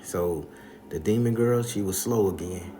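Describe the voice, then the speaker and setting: Brief: male storyteller with a low voice, crude and animated, profane slang, faint noise behind him. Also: unhurried. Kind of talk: comedic storytelling.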